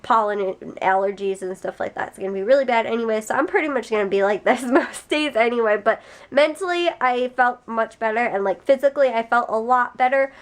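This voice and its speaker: A woman's voice: fairly high pitch, fairly quick. Rambling young woman vlogger with a cold. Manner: rambling, many fillers like "stuff like that". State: stuffy nose from a cold. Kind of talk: casual vlog chat to camera.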